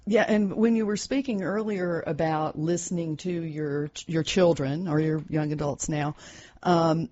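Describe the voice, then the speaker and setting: A middle-aged woman hosts a relaxed community radio interview. Her voice sits a little low, and she encourages her guest with short affirmations. The sound is dull and lo-fi, like a small community broadcast. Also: measured pace, a little hiss or hum. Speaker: host. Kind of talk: casual radio interview chat.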